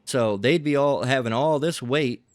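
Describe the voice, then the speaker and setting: A man's voice: medium pitch, unhurried, no room sound. A man giving a rambling religious lecture, tagging his points with "okay?" and "all right?". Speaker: religious teacher.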